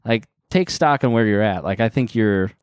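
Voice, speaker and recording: A man's voice: fairly low pitch, normal speed, clean tone, no echo, clean studio sound. A man co-hosting a podcast, talking in an earnest, encouraging way with lots of "like". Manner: earnest, encouraging, uses "like" a lot. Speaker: podcast co-host. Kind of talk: casual podcast chat.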